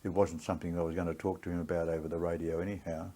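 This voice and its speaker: Older Aussie veteran, husky and deep, gritty plain storyteller for an oral history interview. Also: male voice, flat delivery, very fast, mellow. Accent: Australian. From Australia.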